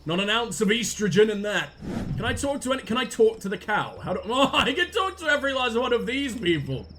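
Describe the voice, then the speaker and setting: High-voiced sarcastic gaming streamer, man. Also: big pitch swings, fairly quick, sharp tone, slight background noise. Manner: sarcastic, profane, swoops into high yelps. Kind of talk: let's play commentary.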